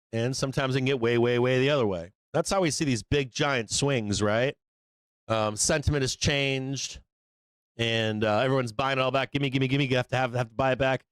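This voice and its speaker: Male trading-show host, smooth clear voice, dry close mic, loose and profane, mid pitch. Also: no room sound. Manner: profane, casual, acts out traders in quick asides. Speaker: stock market show host. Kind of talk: live trading explanation.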